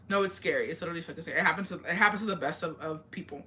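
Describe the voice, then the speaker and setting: A woman chats on a casual live stream, answering comments in a blunt, profane way. Her voice sits a little low but comes across bright and forceful. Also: quick pace, long pauses, a little hiss or hum. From Mexican heritage. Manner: blunt, profane, chatty, reads comments aloud.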